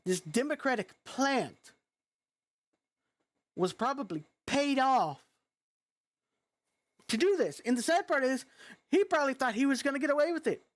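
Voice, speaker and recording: A woman's voice: high voice, animated, a little slow, long pauses. A woman vlogger with a youthful-sounding voice, ranting in a frustrated, blunt and profane way. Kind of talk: angry reaction rant.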